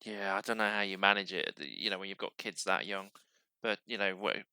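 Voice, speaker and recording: A podcast host from Yorkshire with a softened Yorkshire accent, chatting casually and interviewing a guest with frequent restarts and fillers. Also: male voice, deep voice, a little fast, clean tone, no room sound. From Yorkshire, England.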